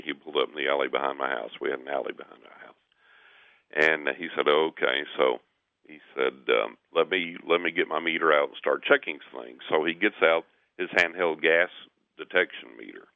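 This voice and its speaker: Telling an animated personal story, a man with a very low voice acts out the quotes, doubles words, and laughs between phrases. He sounds thin and tinny, like a caller phoning into a radio show, and the recording is dry and close.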